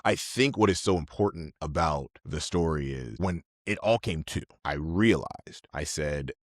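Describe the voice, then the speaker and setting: A man's voice: rumbling low, expressive, a little slow, dry recording, clean studio sound. A man in his thirties, a podcast guest, telling stories casually and animatedly, laughing often. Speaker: podcast guest, army officer. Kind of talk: casual storytelling.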